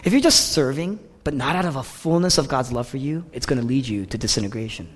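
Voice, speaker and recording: A man preaching a sermon with passion, rising to loud cries and dropping to hushed whispers. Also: medium pitch, quick pace, big-room sound. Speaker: pastor.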